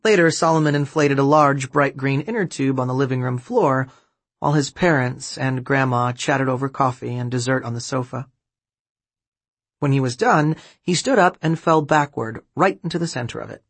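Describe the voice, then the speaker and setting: A man narrates an audiobook in an even, gently expressive reading. His voice is husky. The recording is close and dry. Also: medium pitch, moderate pace, no echo. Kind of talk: scripted narration.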